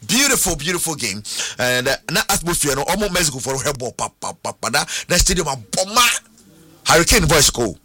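A man with a Ghanaian accent presenting football news on the radio in a lively, sing-song, playful way. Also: fairly high pitch, a little fast, dry recording. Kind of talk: radio sports chat, mixing Twi and English.

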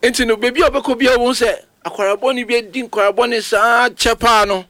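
On a sports talk show, a Ghanaian-accented football pundit gives animated, emphatic commentary in Twi and English, his voice spiking high for emphasis. He speaks fairly fast, and the recording is dry.

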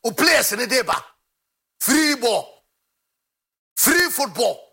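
A man's voice: very high-pitched, big pitch swings, takes it slowly, pushed and bright, husky. A man hosting a football talk show, ranting with passion and sometimes half-singing his lines. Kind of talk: impassioned commentary.

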